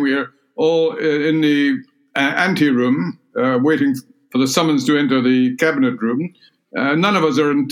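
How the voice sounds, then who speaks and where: An older man with a Scottish accent recalls events in a sit-down interview, speaking in a measured, halting way with many fillers and restarts. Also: medium pitch. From Scotland. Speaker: interviewee, former cabinet minister. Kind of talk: reflective recollection in a sit-down interview.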